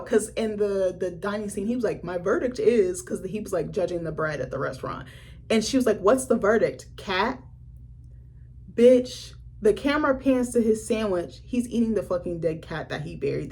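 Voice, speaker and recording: Young woman with a husky kinda low voice, retelling a movie all animated and swearing a lot. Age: young adult. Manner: animated storytelling with profanity and laughter. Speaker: film reviewer. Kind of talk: casual film recap.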